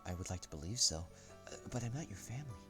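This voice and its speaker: A man reading the lines of a gentle, caring friend who worries a lot, in a soft, earnest way. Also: sits low, expressive, quick pace, over music. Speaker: visual novel character. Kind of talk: reading game dialogue aloud.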